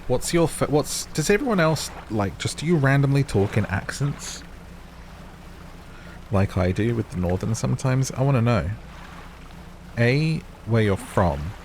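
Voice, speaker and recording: A man's voice: mid-range voice, expressive, a little slow, a little hiss or hum. A man casually commenting on a game as he plays, chatting to his viewers and reacting with sudden startled outbursts. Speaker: gaming channel host. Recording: game sounds loud behind voice.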